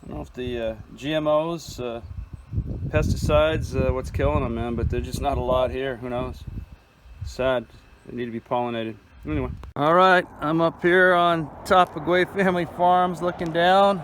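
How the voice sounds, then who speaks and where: A laid-back man with a slightly high voice strolls through his farm garden, chatting easily to a handheld phone as he goes. His talk is loose and friendly, and a faint hum of outdoor noise sits behind him. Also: steady tone, moderate pace. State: chewing food at times. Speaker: hobby farmer giving a garden tour. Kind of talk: casual walking video tour.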